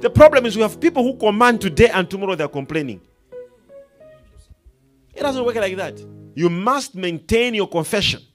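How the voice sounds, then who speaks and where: Emphatic high-voiced male preacher. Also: sing-song, normal speed, pauses often, soft background music. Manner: emphatic, swings from hushed to loud proclamation; quotes and acts out characters in the story, laughing. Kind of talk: sermon.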